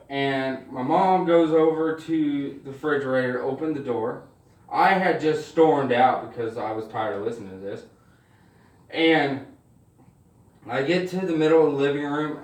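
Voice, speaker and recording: A man telling stand-up stories in an animated, swearing style, acting out the people in them. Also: medium pitch, reverberant, recorded from a distance. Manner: animated, swears freely, acts out voices. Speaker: stand-up comedian. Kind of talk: stand-up storytelling.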